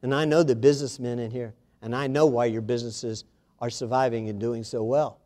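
A man's voice: mid-range voice, fairly even intonation, brisk, mellow. A man preaching a sermon to a congregation, reading scripture aloud and speaking to his listeners directly with emphasis.

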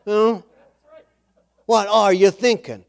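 A man preaching a sermon and telling a testimony, animated, with quoted dialogue and emphatic exclamations. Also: high voice, takes it slowly, creaky, clean tone.

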